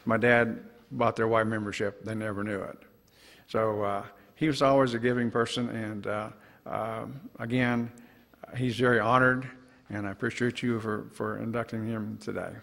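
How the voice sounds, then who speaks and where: A man from Oklahoma City giving a halting, heartfelt tribute speech about his father at an induction ceremony. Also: lowish voice, steady tone, creaky, a bit bright. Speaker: son giving a family tribute. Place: ceremony hall. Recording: long reverb of a hall.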